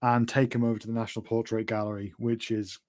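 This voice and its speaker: A man's voice: on the low side, little pitch movement, fast, darkish tone, no echo, clean studio sound. A man playing a tabletop game, narrating his character's actions in a matter-of-fact way. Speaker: player.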